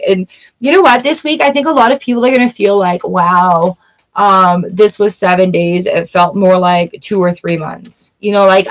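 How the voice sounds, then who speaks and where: A woman's voice: medium pitch, low-quality recording. Chatty woman giving a live tarot reading. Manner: chatty, encouraging, acts out little inner voices. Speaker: tarot reader.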